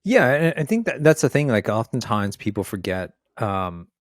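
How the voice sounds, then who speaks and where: A man's voice: mid-range voice, sing-song, moderate pace, dry recording. A man co-hosting a podcast, telling a personal story in a reflective, earnest way. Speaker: podcast co-host. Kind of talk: conversational podcast chat.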